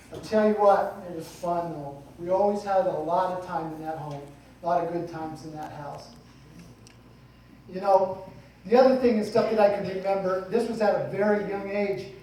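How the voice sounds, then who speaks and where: A man's voice: high voice, darkish tone. Middle-aged guy rambling thru his dad's eulogy, folksy and jokey, far off mic in a big echoey room with a little hiss. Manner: folksy, rambling, with light humor. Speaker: son giving a eulogy. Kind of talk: funeral eulogy speech. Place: funeral hall. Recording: echoey hall, distant mic, faint noise.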